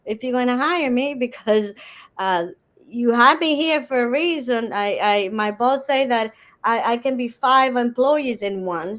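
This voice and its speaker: Brief: Dominican-accented woman guest, Spanish native, passionate storyteller, pitched fairly high. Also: a little slow, a bit bright. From Dominican Republic. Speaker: guest author. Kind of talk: casual interview.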